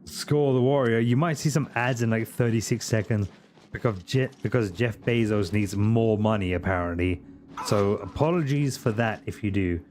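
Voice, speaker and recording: A man's voice: lowish voice, normal speed, a little mellow, slight background noise. A man from Britain, streaming a video game with casual, jokey and profane commentary to his chat.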